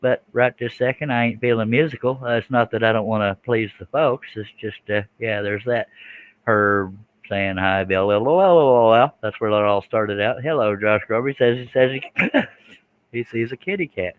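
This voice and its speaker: A man's voice: on the low side, steady tone, normal speed, no echo, phone-quality sound. A man, chatting casually with viewers while he works a scroll saw on a livestream. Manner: folksy, chatty, reads out viewer comments.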